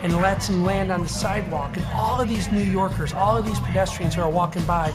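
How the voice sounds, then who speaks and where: High-voiced storytelling pastor over music. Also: male voice, a little fast. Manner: storytelling, repetitive emphatic phrasing. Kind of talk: sermon.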